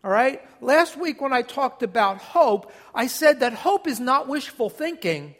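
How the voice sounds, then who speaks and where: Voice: high-pitched, sing-song, measured pace, fairly bright tone. A pastor preaches a sermon in a church, emphatic and direct, stressing key words and calling on the congregation to respond.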